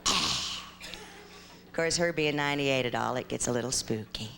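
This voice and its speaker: A young adult woman from Ohio performing a stand-up comedy set with animated, exaggerated storytelling on a live stage. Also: extremely low pitch, a little slow, creaky, slight background noise.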